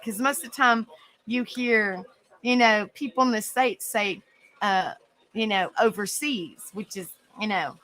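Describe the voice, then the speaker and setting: A woman's voice: fairly high pitch, sharp tone, rough recording. A woman hosting an open panel in casual chat, rambling with lots of fillers and frequent giggles.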